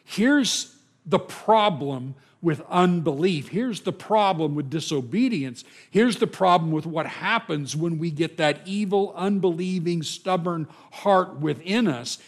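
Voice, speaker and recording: A man's voice: a little high, expressive, unhurried. A man preaching a sermon to his congregation in a conversational, self-deprecating way, asking them questions.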